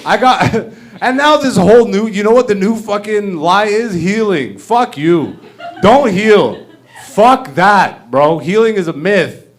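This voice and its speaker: A man's voice: sits high, expressive, slow. A man in his thirties doing a profane, brash stand-up comedy rant on a club stage. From Canada. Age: 30s.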